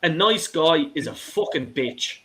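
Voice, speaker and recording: A man's voice: on the high side, expressive, measured pace, sharp tone. A middle-aged man calling in to a show, ranting with passion, swearing and stumbling over repeated words. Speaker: caller. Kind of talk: heated phone-in rant.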